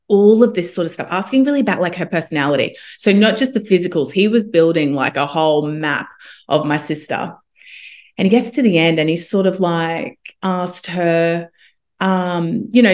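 A young woman, a homeopath guest, telling a personal story in a casual, animated way and acting out what others said. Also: on the low side, moderate pace. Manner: animated, quotes others in lively asides.

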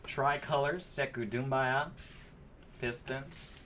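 A man's voice: mid-range voice, fairly even intonation, slow pace, noisy background. A man hosting a card break, chatting casually and calling out cards between stories. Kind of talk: casual chat while opening card packs.

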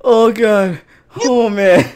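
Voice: medium pitch, very slow, a little mellow. A young person on a voice call, out of breath and laughing hysterically, begging to replay a clip. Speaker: content creator. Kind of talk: casual chat on a voice call. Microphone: voice chat mic.

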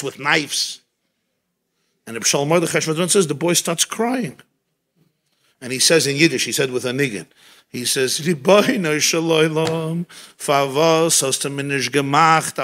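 A man, a rabbi, giving a farbrengen talk at a gathering, telling stories and teaching with Yiddish and Hebrew phrases mixed in. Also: fairly high pitch. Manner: storytelling, animated, sprinkled with Yiddish and Hebrew. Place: gathering in a home.

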